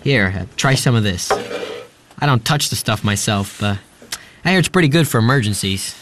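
A man's voice: medium pitch, lively intonation, moderate pace, over music, natural voice. An actor playing a cocky, wisecracking teenage boy in a radio drama, talking in a sarcastic way. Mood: teasing.

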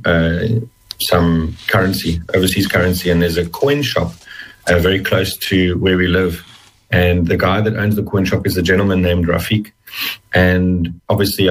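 Man, middle-aged, very low voice, husky, halting and emotional, interview guest. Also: rough recording. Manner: halting, emotional, many restarts. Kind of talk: personal testimony interview.

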